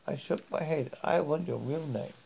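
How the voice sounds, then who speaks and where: A British man reading a horror story aloud in a slow, measured way, with occasional slips and restarts. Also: fairly high pitch, gravelly, darkish tone, a little hiss or hum.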